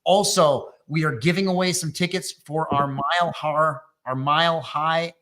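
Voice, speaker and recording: A man's voice: fairly high pitch, fairly even intonation, normal speed, bright, forceful tone. A man from Wisconsin hosting a business coaching webinar, talking loosely and joking with fillers. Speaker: webinar host and MSP coach. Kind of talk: energetic webinar talk.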